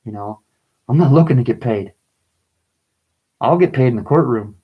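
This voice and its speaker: Guy venting into his camera, halting then angry and pleading, reading his own poem. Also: mid-range voice, expressive, breathy edge, lo-fi sound. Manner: agitated, pleading, rising to bursts of anger. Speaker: vlogger.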